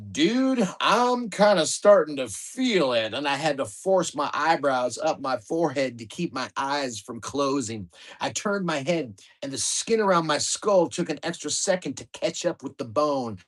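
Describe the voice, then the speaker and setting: A man reads aloud from his own memoir in a middle-pitched voice. His delivery is wry and lively, and it rushes ahead at the exciting parts. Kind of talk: storytelling book reading.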